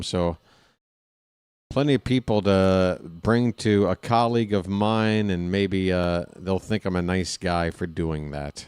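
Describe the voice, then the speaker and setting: Slow, chatty male stream host. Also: sits low, smooth, no echo. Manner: chatty, rambling, joking asides to chat. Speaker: baseball live-stream host. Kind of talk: casual post-game stream chat.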